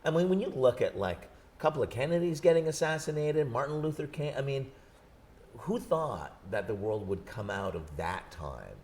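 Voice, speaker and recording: A man in his thirties, a book's author, talking in an animated, jokey way in an interview on a set. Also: mid-range voice, a little hiss or hum. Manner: animated, jokey, quick bursts. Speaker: author guest. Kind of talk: conversational interview. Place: studio set.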